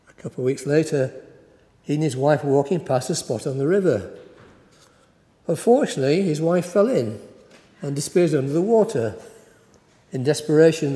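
A man's voice: fairly high pitch, dark tone. A male preacher giving a sermon in a conversational, wry storytelling manner, heard in a church. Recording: echoey church hall.

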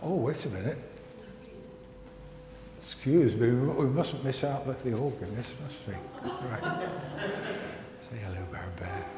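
Playful, slow-talking minister in an echoey church. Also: male voice, medium pitch. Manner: playful, coaxing, asks questions of the congregation. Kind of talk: children's talk with puppets in church. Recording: echoey church with long reverb, faint hiss.

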